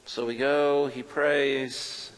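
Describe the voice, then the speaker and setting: A man's voice: mid-range voice, level tone, drawn-out words, long reverb tail, rough recording. A man performing a first-person dramatic monologue as a preacher, telling the story earnestly with self-mocking asides. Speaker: preacher performing a biblical character.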